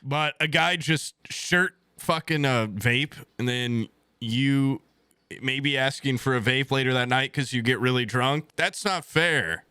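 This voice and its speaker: A man's voice: medium pitch, steady tone, measured pace, bright, forceful tone, smooth, dry recording. A young man in his twenties telling a rambling, crude story to his stream chat at home, swearing bluntly as he goes.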